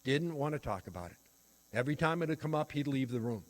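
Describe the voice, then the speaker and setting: A man's voice: medium pitch, expressive, quick pace. An older man giving a workshop talk on teaching children, telling a personal story in an earnest, reflective way. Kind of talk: storytelling lecture.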